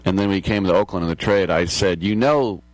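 Deep-voiced, rambling male sports radio host. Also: flat delivery, fast, no echo. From America. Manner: rambling, digressive, chuckling asides. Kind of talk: casual sports talk monologue.

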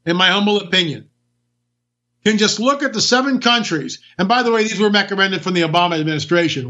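A man's voice: high-pitched, animated, a little fast, pushed and bright, muffled recording. A man hosting a political talk show, ranting emphatically and firing off rhetorical questions. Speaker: talk radio host.

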